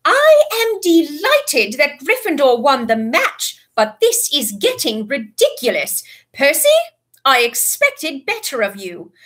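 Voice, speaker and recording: A strict older witch professor from a storybook reading, voiced by a woman. She scolds in slow, clipped phrases. Her tone is bright and sharp. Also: sits high, wildly swooping pitch, pitched above the performer's own voice, heavily acted. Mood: stern.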